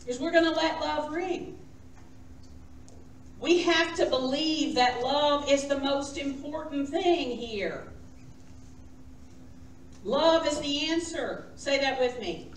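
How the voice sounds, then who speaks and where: A woman's voice: high voice, lively intonation, slow, long pauses, a little hiss or hum. A woman minister giving a sermon, coaxing the congregation to repeat lines after her. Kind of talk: sermon with call and response. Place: church sanctuary. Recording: roomy church sound from a distant mic.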